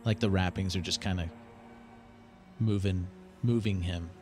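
A man narrating as game master, halting and full of fillers as he describes visions. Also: low voice, fairly even intonation, a little mellow, faint music behind.

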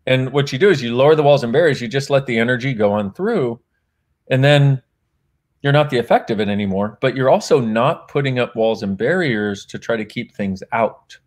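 A man's voice: medium pitch, expressive, brisk. A man with a mid-range voice talks about his book in easygoing conversation. He laughs a lot, breaks off to correct himself and acts out old conversations as he goes. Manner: warm, laughs often, acts out remembered dialogue, rambles and self-corrects. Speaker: author and guest. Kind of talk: casual conversational storytelling.

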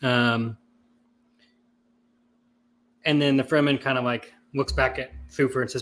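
A man's voice: medium pitch, fairly even intonation, unhurried, pauses often, a bit bright. A man hosting a podcast, reading a novel aloud and commenting casually with lots of fillers. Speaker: podcast host.

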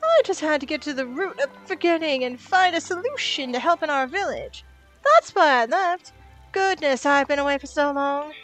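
A woman's voice: high voice, lively intonation, moderate pace, a bit bright, soft background music, pitched above the performer's own voice, rough recording. A woman voicing a glamorous, theatrical female cartoon duck in a put-on accent with posh, dramatic phrasing. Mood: delighted.

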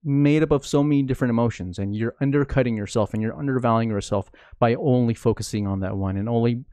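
Man, podcast host, mid-pitched voice, dry close sound, loose and rambly with filler words. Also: quick pace, warm tone, smooth, no echo. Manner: rambling, many "like" fillers and restarts. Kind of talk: casual conversation.

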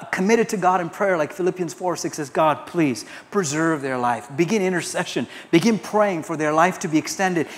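A man's voice: a little high, in a large hall. A man from India preaching a sermon as pastor, quoting scripture and telling anecdotes to his congregation. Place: large church hall.

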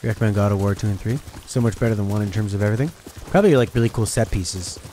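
A man's voice: fairly low pitch, racing, dark tone, a little hiss or hum. A man streaming a video game, chatting casually about games and reading his chat aloud while he plays. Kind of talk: casual gameplay commentary. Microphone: desk mic through an audio interface.

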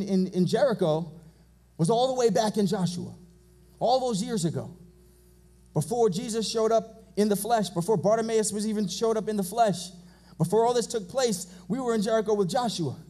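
A male pastor preaching a fervent sermon in a church, repeating phrases and building to shouts. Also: high-pitched. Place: church sanctuary.

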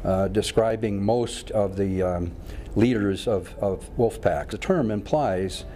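Low, mellow-voiced man explaining haltingly. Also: a little hiss or hum. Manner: halting, with many pauses and hesitations. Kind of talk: explanatory interview clip.

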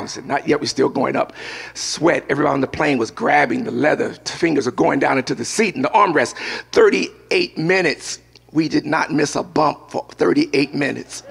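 Gravelly older preacher telling a story. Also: male voice, on the high side. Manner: storytelling preacher, mixes scripture with personal anecdote. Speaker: pastor. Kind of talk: sermon.

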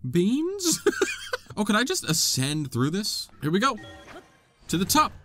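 A young man giving excitable let's play commentary, laughing often and talking back to the game characters. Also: high-pitched, a little slow, over music. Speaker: gaming video creator.

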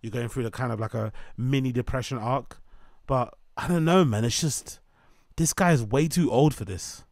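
A man's voice: medium pitch, normal speed, darkish tone, no room sound, studio quality. A man giving opinionated commentary, ranting and mocking in long repetitive lists.

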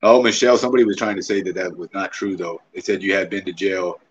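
A man's voice: low-pitched, steady tone, quick pace, husky, muffled recording. A man hosting a casual livestream chat, teasing his guest with prodding questions. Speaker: livestream host.

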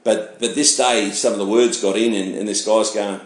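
A man, a pastor giving his testimony in animated storytelling, acting out the voices of people he met. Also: lowish voice, fast talker, hardly any pauses. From Australia. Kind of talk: personal testimony sermon. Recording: echoey room.

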